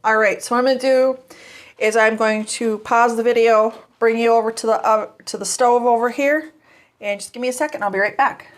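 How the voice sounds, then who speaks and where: A woman's voice: fairly high pitch, fairly even intonation, a little fast. A woman vlogger chatting casually to her phone camera while cooking in her home kitchen, folksy and easygoing.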